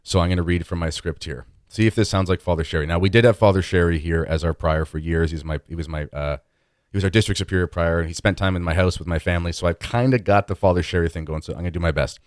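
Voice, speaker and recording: A man's voice: low voice, fairly even intonation, fast, no echo, studio quality. A man hosting a podcast in a chatty, self-deprecating conversational way. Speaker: podcast host.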